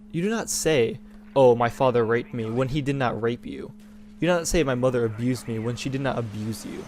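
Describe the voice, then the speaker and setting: A man's voice: medium pitch, a little mellow, slight background noise. Indignant young man ranting casually. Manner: rambling, indignant, full of restarts. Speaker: gaming channel host. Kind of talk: casual opinion rant over gameplay.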